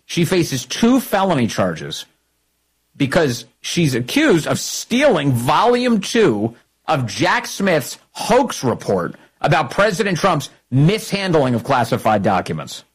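Husky, combative male political host. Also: a little high, wildly swooping pitch, slow, rough recording. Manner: combative and mocking, with sudden bursts of pace. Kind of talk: opinionated political talk show commentary.

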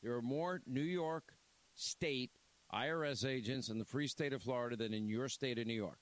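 A man's voice: mid-range voice, normal speed. A man hosting a talk radio show, rambling and blunt, reading an ad and chatting casually. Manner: rambling, blunt, repeats himself.

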